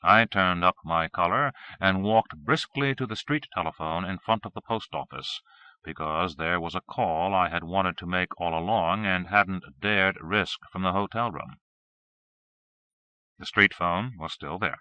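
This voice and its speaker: Deep-voiced man reading a novel aloud. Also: measured pace, clean tone, dry recording. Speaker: audiobook narrator. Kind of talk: first-person novel narration. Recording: dull 1980s cassette recording.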